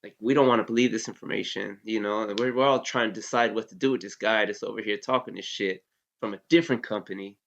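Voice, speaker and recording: Man, thirties, army veteran, casual storytelling, gravelly, low voice, muffled lo-fi recording. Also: steady tone, fast, fairly bright tone. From United States. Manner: laid-back, heavy with fillers like "you know", curses freely. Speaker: interview guest, Army veteran. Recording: dull lo-fi sound.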